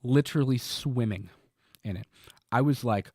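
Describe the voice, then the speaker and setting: Casual podcast co-host, a man of middle pitch, rambles with fillers and restarts, dry close mic. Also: animated, moderate pace, no echo. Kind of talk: casual chat.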